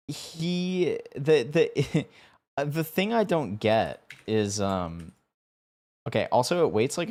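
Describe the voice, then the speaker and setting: A man's voice: lowish voice, a little mellow. A young man talking casually on a live stream, rambling and stumbling over his words. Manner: rambling, stumbling, laughing often.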